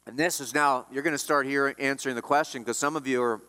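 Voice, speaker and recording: A man preaching a sermon as pastor, emphatic, his voice swinging between loud rises and quiet drops. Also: steady tone, fast, in a large hall. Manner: emphatic preaching, rising and dropping in pitch and volume.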